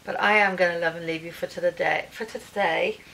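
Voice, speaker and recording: In this casual home vlog, a British woman with a lowish, creaky voice briskly recounts her day and voices what each person said. The poor audio from her camera has a little hiss or hum.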